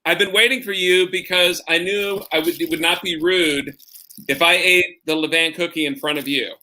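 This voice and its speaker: A man chatting on a show over a video call, easygoing and a little halting in his speech. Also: fairly high pitch, fairly even intonation, pushed and bright. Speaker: co-host celebrating his birthday. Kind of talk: casual video-call chat. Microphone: video call from home.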